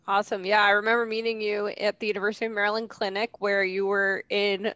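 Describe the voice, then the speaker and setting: A woman's voice: medium pitch, level tone, fast talker, bright, forceful tone, smooth, no room sound, muffled recording. Upbeat woman host, dry sound. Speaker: podcast host. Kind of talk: casual interview hosting.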